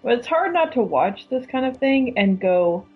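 A woman's voice: fairly high pitch, very animated, moderate pace, husky, faint music behind. A woman in a casual fan discussion, asking curious questions. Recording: tinny phone-like line.

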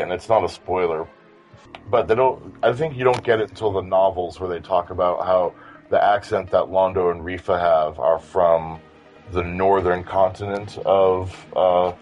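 A man's voice: low voice, normal speed, a little mellow, faint music behind. A man in a casual fan discussion, talking with enthusiasm and rambling through many restarts.

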